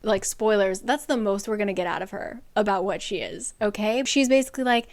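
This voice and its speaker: A woman's voice: mid-range voice, brisk, hardly any pauses. A woman giving a casual, chatty book recap with a sarcastic edge.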